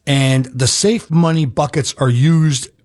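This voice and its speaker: Husky-voiced male financial advisor, slightly high. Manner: steady explaining, reads phone number slowly. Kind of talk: radio finance show.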